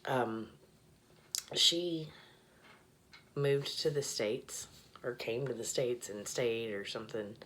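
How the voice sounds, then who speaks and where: A woman's voice: a bass voice, slow pace, pauses often, fairly bright tone, slight background noise. A tipsy woman rambling casually and profanely in a bathroom, often dropping to a mutter. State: tipsy, slurring a little. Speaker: vlogger.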